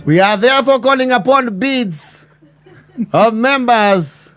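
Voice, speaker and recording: A man delivering a mock formal address as a pompous chairman, with bureaucratic phrasing and drawn-out pauses. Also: extremely high pitch, fairly bright tone, faint music behind.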